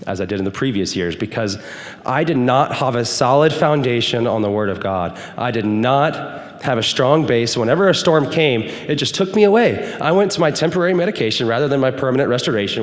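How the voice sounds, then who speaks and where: A man's voice: mid-range voice, expressive, brisk. A young man giving an earnest, emphatic testimony sermon to a youth group as a guest speaker. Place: church hall. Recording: hall reverb.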